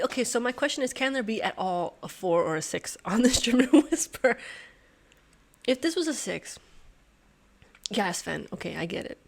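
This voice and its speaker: Excitable woman thinking aloud, lively pitch. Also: normal speed, creaky, long pauses. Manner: excitable, exclaiming and swearing in disbelief; talks to herself and her viewers, often laughing. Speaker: host solving a sudoku puzzle. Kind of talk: thinking aloud while solving a puzzle.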